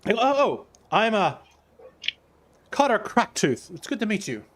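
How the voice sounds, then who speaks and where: A man's voice: sits high, big pitch swings, a little slow, voice pushed up, exaggerated voice. A man voicing a friendly, flustered male cheese trader with a frosty beard, stammering eagerly in a tabletop game.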